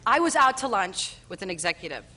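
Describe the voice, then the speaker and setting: A woman on a late-night talk show, telling a comic anecdote in a deadpan way and acting out the people in it. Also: mid-range voice, fairly quick. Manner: deadpan storyteller, acts out quoted people. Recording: noisy broadcast studio audio.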